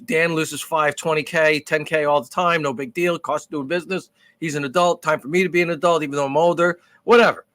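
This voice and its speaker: A man co-hosts a podcast, swearing freely as he tells an animated story. His voice sits a little high for a man. The sound is dry and close, with no room echo. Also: brisk, few pauses. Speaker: podcast co-host. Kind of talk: casual chat.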